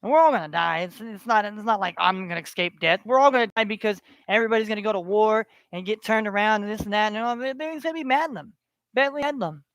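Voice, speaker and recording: A man's voice: sits high, fast, a bit bright, no echo. Angry guy ranting online, swearing nonstop, going on and on, dry sound. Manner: heated, profane, repetitive tirade. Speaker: online ranter. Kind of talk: angry profane rant.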